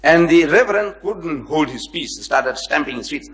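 A man's voice: on the high side, moderate pace, few pauses, slight background noise. A man giving a public lecture to a live audience, telling anecdotes and acting out the people in them, joking with and chiding his listeners. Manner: animated storyteller who acts out the people in his anecdotes. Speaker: lecturer on comparative religion.

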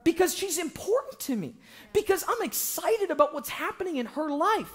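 A young man preaching an evangelistic sermon in a church, joking with the congregation and breaking into shouts for emphasis. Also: extremely high pitch, normal speed. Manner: animated, joking, bursts into shouting.

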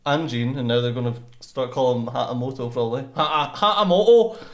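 A man's voice: medium pitch, little pitch movement, fast talker, a little mellow. Teasing Scottish man in a roomy space. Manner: teasing, dry jokes. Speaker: reaction channel co-host. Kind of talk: casual chat.

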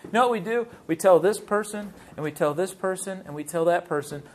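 A man preaching a sermon in a church, lively and full of rhetorical questions to the congregation. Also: high voice, fairly quick. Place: church sanctuary.

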